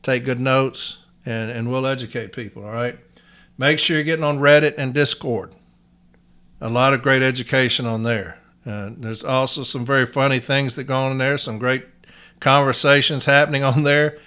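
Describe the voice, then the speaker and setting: A man's voice: mid-range voice, fairly even intonation, moderate pace, pushed and bright, clear, resonant tone. A man from Nashville, Tennessee, with a Southern accent, hosting a podcast in a blunt, folksy monologue. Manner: blunt, folksy, uses y'all. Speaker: podcast host.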